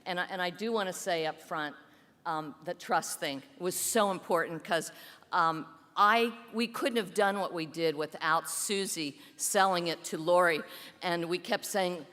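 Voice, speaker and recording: A woman's voice: on the low side, unhurried, a bit bright. A woman giving an emotional, gushing acceptance speech in a hotel ballroom with an audience. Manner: tearful, gushing, emotional thanks. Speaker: award recipient. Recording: hall reverb with faint crowd.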